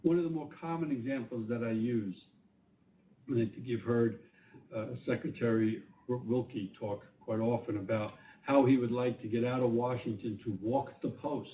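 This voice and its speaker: A man's voice: medium pitch, fairly even intonation, moderate pace. A man with a New York accent giving earnest keynote remarks at a community meeting, repeating phrases for emphasis. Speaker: government director giving keynote. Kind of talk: conference call keynote remarks. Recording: tinny phone line, echoey, far from mic, faint noise.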